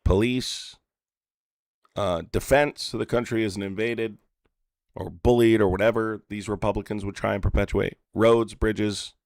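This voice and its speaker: Low-ish guy hosting a call-in debate, pushy, keeps pressing, dry close sound. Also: steady tone, a little slow, vocal fry, darkish tone, no room sound. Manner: pressing, insistent, argumentative. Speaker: political streamer and activist.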